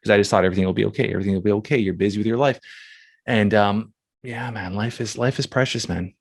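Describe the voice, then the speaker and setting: A man hosting a podcast who speaks in a halting, emotional way, restarting often as he talks about family. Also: lowish voice, steady tone, gravelly, no room sound. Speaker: podcast host. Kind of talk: casual conversation.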